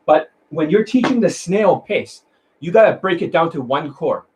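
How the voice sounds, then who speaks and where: A man's voice: a little high, animated, normal speed, background noise. A man, a dating coach from Canada, talking to his students in a blunt, rambling, profane monologue and scolding them.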